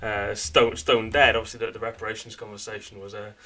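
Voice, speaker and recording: A man from the United Kingdom co-hosting a podcast, talking things through in a thoughtful, halting way. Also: fairly low pitch, little pitch movement, a crowd in the background. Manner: thoughtful, halting, many restarts. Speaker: podcast co-host. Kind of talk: casual podcast chat.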